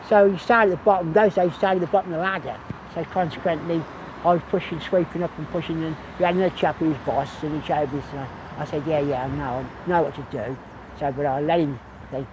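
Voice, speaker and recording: Older man, hospital gardener, rambling chatty recollection, fairly high voice, faint traffic outdoors. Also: a little mellow, low-quality recording. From England. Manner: rambling, repeats "so consequently". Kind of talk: casual reminiscing.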